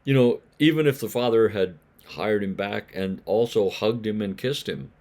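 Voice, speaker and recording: A man's voice: lowish voice, moderate pace, a little mellow. A man preaching a daily Bible devotional in a conversational way, asking his listeners questions and acting out the voices of grumbling neighbors.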